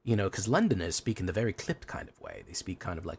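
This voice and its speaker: A man's voice: low-pitched, sing-song, fast, vocal fry, darkish tone, slight background noise. Rambling man streaming a card game. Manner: rambling, talkative, answering chat questions. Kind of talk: casual gameplay commentary, chatting with viewers.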